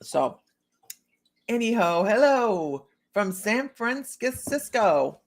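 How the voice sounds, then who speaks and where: A woman livestreaming psychic readings from Ohio talks casually to viewers by name and laughs often as she turns the cards. Her mid-range voice is very animated, and she speaks very slowly.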